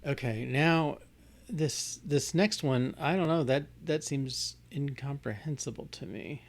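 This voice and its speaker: A man's voice: medium pitch, unhurried, creaky. A man working through code on screen, thinking aloud with frequent restarts and fillers. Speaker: programmer demonstrating code. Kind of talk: casual live coding walkthrough.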